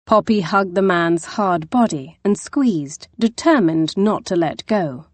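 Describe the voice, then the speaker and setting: A woman narrating a historical novel as an audiobook, with an expressive, dramatic reading. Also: fairly low pitch, takes it slowly, hardly any pauses, dry recording. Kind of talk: scripted narration.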